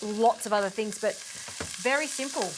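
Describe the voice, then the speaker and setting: A woman hosting a cooking show in a studio kitchen, upbeat and encouraging, quick to praise her guest. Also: a little high, noisy background. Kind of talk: casual cooking-show chat.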